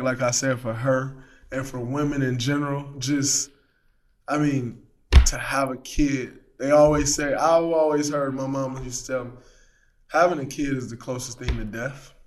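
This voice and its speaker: A man in casual chat, telling stories with animated energy and acting out his own shouts. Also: medium pitch. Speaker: guest, pro athlete.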